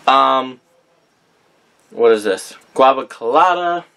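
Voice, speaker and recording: A man's voice: medium pitch, expressive, takes it slowly, vocal fry, bright, forceful tone. A young man chatting casually in a vlog, reading out a list of names and often correcting himself as he goes. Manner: rambling, reads out names with frequent self-corrections. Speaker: vlogger showing a candle collection. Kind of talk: casual chat.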